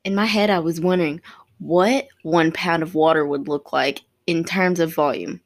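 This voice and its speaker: A woman's voice: deep voice, moderate pace. A woman chatting casually and reading funny stories aloud, giggly and playful, sometimes stumbling over words.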